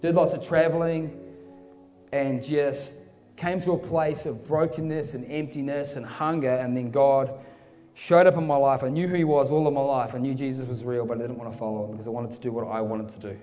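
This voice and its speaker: A man's voice: medium pitch, steady tone, a little fast. A man preaching a sermon in a fervent, casual storytelling manner. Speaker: pastor. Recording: reverberant hall with soft music.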